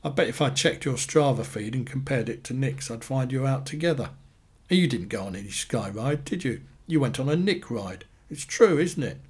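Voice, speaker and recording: A man's voice: mid-range voice, animated, normal speed, slightly rough. A man reading a story aloud, putting on the voice of a furious, accusing betrayed wife who swears at her rival.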